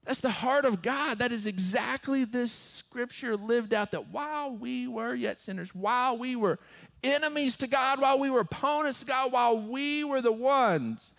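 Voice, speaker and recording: A man in his forties, a pastor preaching a sermon, telling a story and rising to emphatic high peaks. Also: normal speed, vocal fry, a bit bright.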